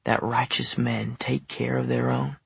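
A man's voice: mid-range voice, very animated, measured pace, gravelly, a bit bright, slightly rough, no room sound, heavily acted. A man voicing a menacing, boastful bigot in an audiobook, taunting and preachy. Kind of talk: audiobook character voice.

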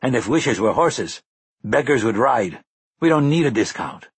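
A man's voice: medium pitch, very animated, a little slow, slightly rough, dry recording, pitched above the performer's own voice, heavily acted. A man voicing a weary middle-aged male ex-priest who speaks in a dry, wry way. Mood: brisk.

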